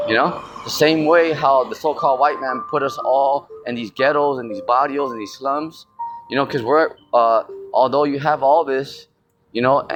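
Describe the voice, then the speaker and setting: A man's voice: mid-range voice, moderate pace, dull audio, music in the background. A man preaching in a loose, slangy street style, full of fillers and mocking asides. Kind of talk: casual street-style sermon.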